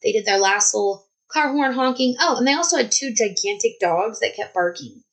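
A woman, telling a personal story in a casual, animated vlog style. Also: on the high side, a little fast, rough recording. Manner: chatty, animated, many "like"s. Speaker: vlogger.

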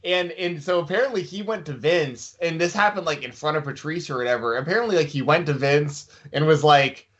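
A man telling a story in casual podcast chat, halting and full of fillers. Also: on the high side, a bit bright, dull audio.

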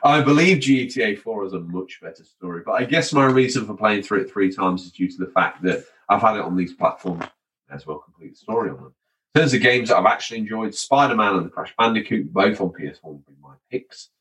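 A man's voice: on the low side, lively intonation, fast talker, fairly bright tone, rough recording. Chatty man hosting a podcast. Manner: chatty and wry. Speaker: podcast host. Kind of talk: casual podcast chat, reading listener messages.

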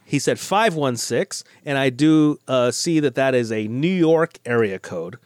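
A middle-aged American man co-hosting a casual movie podcast, chatty and animated, often restarting his sentences. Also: medium pitch, unhurried, dry recording. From United States. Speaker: podcast co-host.

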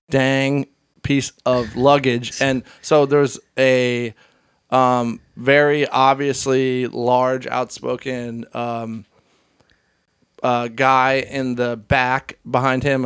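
A man in a casual podcast chat, telling a story in an animated way and acting out other people's voices. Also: mid-range voice, clean tone, no echo, studio quality. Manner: swears casually, lots of fillers. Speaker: podcast guest.

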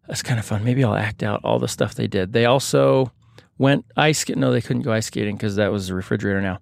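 A man with a gravelly, creaky voice tells a story casually, cracking jokes as he goes. He rambles and corrects himself often, and the room around him sounds dry and close. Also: on the low side, fairly quick, dry recording. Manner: rambling, joking, many fillers and self-corrections.

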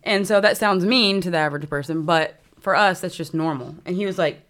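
A woman's voice: lowish voice, fairly quick, hardly any pauses, fairly bright tone. A woman co-hosting a podcast in casual chat, telling stories in a giggly, rambling way. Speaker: podcast co-host.

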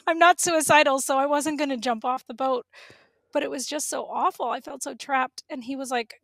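A woman telling a personal story as a podcast guest, animated and emotional, laughing now and then. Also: high voice, a little fast, creaky, no echo, clean studio sound.

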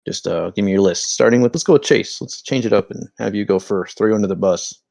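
A young man hosting a casual sports podcast, joking and telling rambling stories in an animated way. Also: fairly low pitch, fast, vocal fry, slight background noise. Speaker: podcast host. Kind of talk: casual hockey podcast banter.

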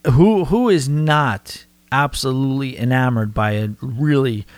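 A man's voice: medium pitch, measured pace, no echo. A man with a New York accent hosting a podcast, answering listener mail in a rambling, conversational way full of restarts. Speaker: podcast host.

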